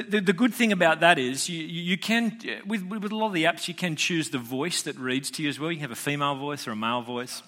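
A man's voice: a little high, sharp tone. A man preaching a casual, chatty sermon as a pastor, joking with listeners and restarting phrases often.

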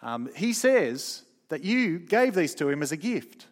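Preacher playing a matter-of-fact male officer, fairly high voice, hall reverb. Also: big pitch swings, a little slow. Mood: reporting. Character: stern male police officer reporting.

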